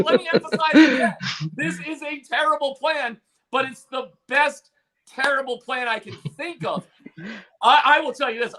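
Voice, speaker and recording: A man's voice: sits high, bright, forceful tone. A male sports radio host arguing his opinions emphatically, repeating points for emphasis. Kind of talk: sports talk radio debate.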